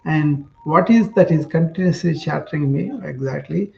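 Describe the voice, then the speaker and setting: A man's voice: on the high side, moderate pace, gravelly, highs cut off. A man voicing an earnest, deferential male monk who has walked far to ask a question. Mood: pondering. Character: earnest wandering male monk seeking answers.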